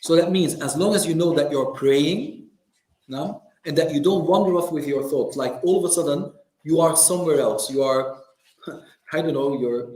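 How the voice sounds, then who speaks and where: A man delivers a religious lesson to a class with lively, teasing energy, now and then mimicking the people he describes. His voice sits a little high for a man. The sound carries the ring of a reverberant community hall. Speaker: religious teacher. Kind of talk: lecture to a class. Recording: echoey hall.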